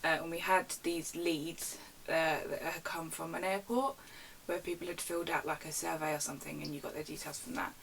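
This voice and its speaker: A young woman rants casually on her vlog, retelling customer service stories in a chatty, animated way from her bedroom at home. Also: sits low, brisk, gravelly, distant mic, a little hiss or hum, poor audio. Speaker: vlogger. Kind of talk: casual storytime rant.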